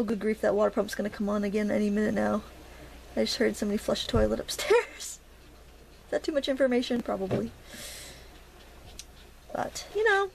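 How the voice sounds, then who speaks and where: Middle-aged woman, Maine accent, slightly gravelly, chatty art teacher, casual and playful. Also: medium pitch, a little hiss or hum. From Maine, USA. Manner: chatty, self-talking while painting, playful asides. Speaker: watercolor instructor. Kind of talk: casual painting tutorial.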